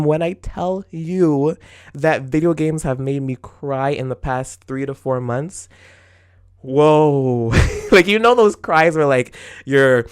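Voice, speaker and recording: A man in his twenties hosting a solo podcast, talking casually in an animated, exclamatory way, laughing often and acting out his own retorts. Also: mid-range voice, smooth. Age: 20s. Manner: acts out his own retorts in quoted asides. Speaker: podcast host.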